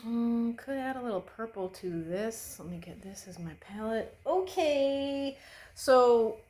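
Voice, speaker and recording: A young beauty vlogger chats while doing her makeup, swearing freely and speaking her mind without a filter. Her fairly high voice is expressive, slow and a little mellow, and her rambling, opinionated talk is full of fillers and restarts, easy and unpolished, in poor audio.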